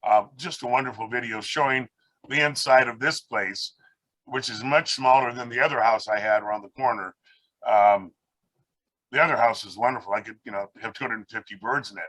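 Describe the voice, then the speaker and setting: A man tells a winding story on a video call, now and then acting out the people he met along the way. His voice is bright and forward. The sound is dry, with no room around it. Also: mid-range voice, a little fast, dry recording, rough recording. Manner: rambling, anecdotal, acts out quoted people. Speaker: guest speaker, parrot rescue founder.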